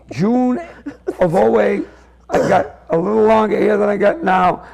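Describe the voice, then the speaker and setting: Gravelly high-voiced older man telling a story. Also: a little slow, a little mellow, poor audio. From Massachusetts. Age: 60s. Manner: rambling, acts out both sides of the story. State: coughing, throat-clearing. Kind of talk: comic storytelling. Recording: public-access TV archive tape.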